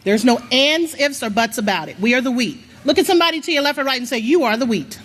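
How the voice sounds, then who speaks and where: High, lively woman preaching. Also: fast, a little hiss or hum. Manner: lively call-and-response, coaxing the crowd. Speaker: church speaker. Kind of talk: motivational sermon. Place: large worship hall.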